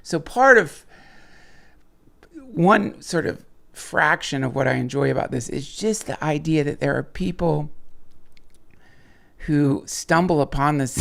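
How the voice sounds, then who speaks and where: Gravelly dude rambling on his late night stream, swears a lot, keeps restarting sentences. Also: fairly high pitch, fairly bright tone. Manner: rambling, profane, frequent restarts and chuckles. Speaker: livestream host reading viewer chats. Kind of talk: casual rambling monologue.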